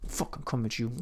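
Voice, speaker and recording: A young man hosting a solo podcast, telling rambling, profane stories and breaking into sudden loud outbursts. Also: fairly high pitch, husky. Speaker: podcast host.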